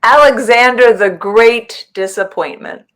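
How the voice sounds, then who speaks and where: Slow, sardonic woman. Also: on the high side, a bit bright, rough recording. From New York. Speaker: comedy contestant.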